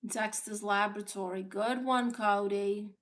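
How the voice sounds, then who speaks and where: Her medium-pitched voice is a bit bright, fairly even in intonation and a little slow. A woman from Brooklyn, New York with a Brooklyn accent, she hosts a casual livestream and tackles viewer comments bluntly, sassily and unapologetically.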